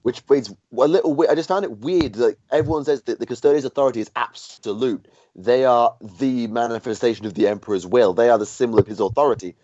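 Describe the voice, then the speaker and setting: A man's voice: medium pitch, a little fast, few pauses, dark tone, dry recording, muffled recording. A man with a Yorkshire accent from Barnsley, hosting a casual podcast chat and asking questions. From England. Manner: conversational, asks questions, hums filler tunes. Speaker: podcast host.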